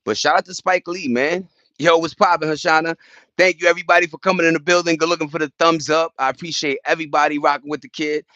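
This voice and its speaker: A man's voice: on the high side, steady tone, quick pace, pushed and bright, no room sound. Dude rambling slangy to his viewers, dry muffled lo-fi sound. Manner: slangy, rambling, loose street talk. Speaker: vlogger. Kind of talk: casual chat to camera. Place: at home with plants and a cat.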